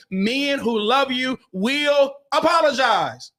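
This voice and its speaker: A man's voice: high-pitched, moderate pace, a bit bright. A man, hosting a podcast and giving relationship advice in an emphatic, preacher-like way, repeating phrases and calling out to his listeners.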